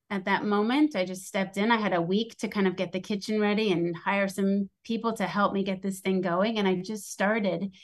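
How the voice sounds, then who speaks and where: A middle-aged woman from the United States, a guest on an interview show, telling her story in a chatty, animated way. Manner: chatty and animated, acts out quoted voices with rising pitch. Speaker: podcast guest, school lunch program founder.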